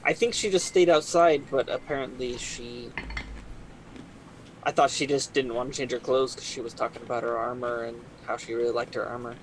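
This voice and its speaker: A man playing in a tabletop game, musing in a low-key way. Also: fairly even intonation, a little fast, slight background noise, low-quality recording. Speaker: player. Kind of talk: casual game play.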